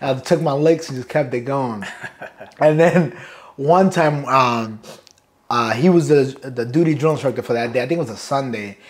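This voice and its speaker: Here the same kind of speaker, a Marine sergeant major from Brooklyn, New York, uses a mid-range voice at a moderate pace. He laughs a lot while recounting loose, foul-mouthed boot camp stories during a casual interview.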